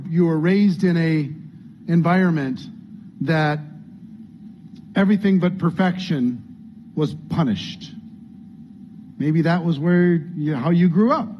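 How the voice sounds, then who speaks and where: A man's voice: fairly high pitch, slight background noise. A man coaching a training group, earnest and conversational, acting out what people might say. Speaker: business coach. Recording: dull lo-fi sound, faint room ambience.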